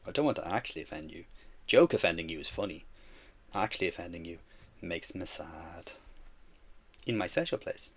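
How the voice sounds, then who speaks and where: A man's voice: low-pitched, animated, brisk, long pauses, husky. A man streaming while he paints miniatures, chatting casually and teasing his viewers playfully.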